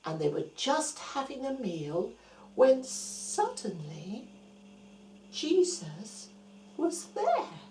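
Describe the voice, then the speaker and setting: A woman telling a Bible story to young children, dropping to hushed whispers and rising to bright exclamations. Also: fairly high pitch, very animated, very slow, reverberant, slight background noise.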